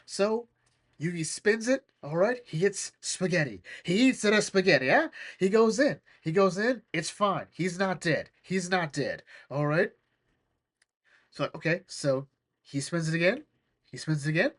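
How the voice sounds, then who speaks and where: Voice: mid-range voice, lively intonation, measured pace. Rambling, joking podcast host. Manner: rambling, joking, often laughing. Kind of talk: comedic cartoon recap.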